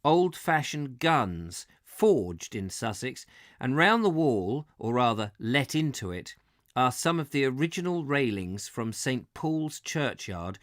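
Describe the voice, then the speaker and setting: A man's voice: mid-range voice, no echo, clean studio sound. A man reading an old travel book aloud on a live stream, with chatty asides and corrections.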